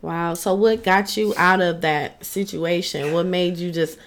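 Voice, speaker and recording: A woman's voice: lowish voice, steady tone, a little slow, crowd noise. A woman interviewing a guest, reacting briefly and asking follow-up questions. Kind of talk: casual interview.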